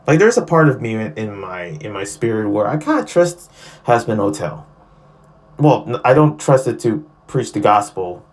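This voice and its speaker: A man reviewing a show in casual podcast talk, chatty and excitable, who often breaks into playful impressions. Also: on the low side, moderate pace.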